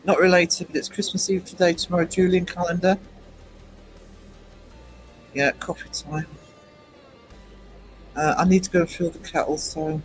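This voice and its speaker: A man's voice: sits high, level tone, moderate pace, pauses often, over music, low-quality recording. A man hosting a casual livestream chat, rambling between topics, chuckling often and reading viewers' comments aloud. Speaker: livestream host.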